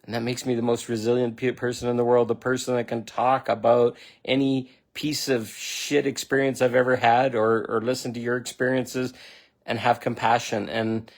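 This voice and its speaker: A man's voice: mid-range voice, level tone, normal speed. Earnest man giving spiritual encouragement. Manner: earnest, repetitive, near tears at times; affirming, speaks directly to the listener. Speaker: spiritual self-help speaker. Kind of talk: emotional motivational monologue.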